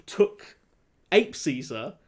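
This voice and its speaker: A man co-hosting a casual film review chat, animated and laughing as he acts out scenes. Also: a little high, drawn-out words, breathy edge. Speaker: podcast co-host.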